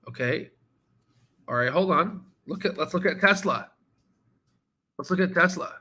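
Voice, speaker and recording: A man hosting a stock trading channel, talking casually and excitably while going through charts, swearing now and then and repeating himself as he rambles. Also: sits high, measured pace, breathy edge. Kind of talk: casual screen-share market commentary.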